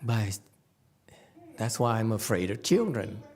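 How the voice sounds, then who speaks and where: A man giving a Chan Dharma talk as a Buddhist meditation teacher, animated and teasing, laughing often. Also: fairly low pitch, takes it slowly.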